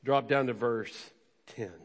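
A pastor preaching a sermon, animated and conversational, slipping into quick quoted voices for the people in the story. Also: male voice, medium pitch. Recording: long hall reverb.

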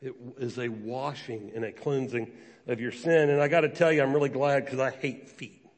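A man's voice: medium pitch, moderate pace. A man preaching a sermon as a pastor, telling stories with acted quotes. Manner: storytelling with acted quotes, animated. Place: church sanctuary. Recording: long reverb of a large hall.

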